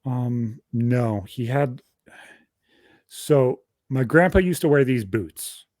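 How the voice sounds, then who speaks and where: A man's voice: mid-range voice, takes it slowly, no echo. Young guy on a podcast mic, swears nonstop, rambly story, dry close sound. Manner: profane, rambling, animated storytelling. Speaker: podcast host. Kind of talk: casual storytelling.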